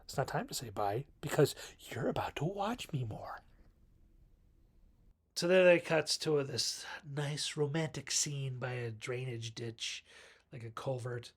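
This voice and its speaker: A man talks through a horror film review in a loose, rambling way, cracking jokes at his own expense. His voice sits at an ordinary middle pitch. It sounds dry and close, recorded in a bedroom with no room echo. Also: a little slow, breathy edge. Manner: rambling, self-mocking, jokey. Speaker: video reviewer. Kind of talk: casual film review monologue.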